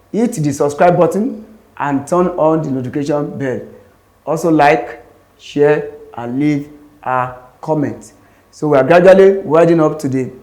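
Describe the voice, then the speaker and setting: A man's voice: a little high, a little mellow. A man with a Nigerian English accent teaching an exam-prep lesson, explaining step by step and repeating the key points. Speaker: exam tutor. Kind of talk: classroom lesson.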